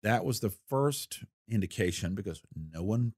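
A man's voice: fairly low pitch, animated, normal speed, a little mellow, no echo, clean studio sound. A man, a former federal investigator, telling a case story in a folksy, plain-spoken interview manner and acting out the voices he quotes.

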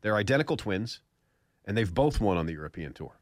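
A man's voice: fairly low pitch, very animated, brisk, dry recording. Golf radio host guy, laughs a lot telling stories, scratchy throat, dead dry studio sound. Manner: jokey, laughs often while telling stories. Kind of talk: casual studio chat and storytelling.

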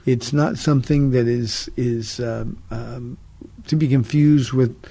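A man's voice: mid-range voice, fairly even intonation, slow, vocal fry, dark tone, breathy edge. A man, a pastor, answering listener questions on a radio call-in teaching show in an earnest, conversational way with frequent restarts.

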